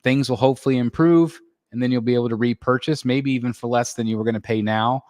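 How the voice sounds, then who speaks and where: A man from the United States hosts a casual live stream, chatting in a relaxed, rambling way with plenty of fillers and restarts. His voice sits in an ordinary middle range. It is recorded close and dry, with no room sound. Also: mid-range voice, fast talker, no echo. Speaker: livestream host reading chat. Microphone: desk microphone.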